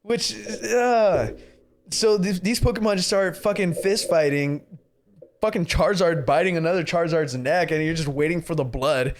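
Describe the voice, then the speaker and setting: Profane animated young man ranting. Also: fairly quick. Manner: profane, animated, mimics characters in high voices. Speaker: podcast co-host. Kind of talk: casual movie review chat.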